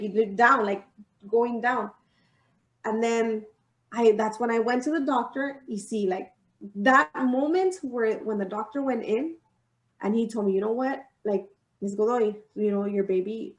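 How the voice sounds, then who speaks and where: A young woman speaks in a fairly high voice, telling a story from her own life in a heartfelt way and moving between English and Spanish, with frequent "like" and "you know". She sits back from the mic, and the room gives her voice a clear echo. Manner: heartfelt, mixes English and Spanish, many fillers. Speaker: podcast co-host. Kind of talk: personal storytelling in casual chat. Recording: roomy sound, mic at a distance.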